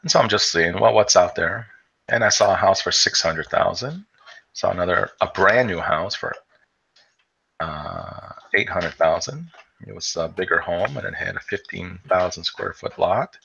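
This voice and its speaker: A man's voice: deep voice, normal speed, creaky, slightly rough. A man from the area, chatting casually on a stream and rambling with many fillers and restarts. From Chicago area, US. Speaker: stream co-host. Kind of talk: casual chat. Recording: dull lo-fi with steady noise.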